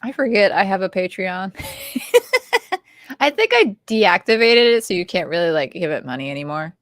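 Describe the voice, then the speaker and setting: Giggly woman with a lively, bouncy voice. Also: medium pitch, moderate pace, dry recording, studio quality. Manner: giggly, playful and easygoing, laughs often. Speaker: co-host. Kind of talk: casual chat on a livestream.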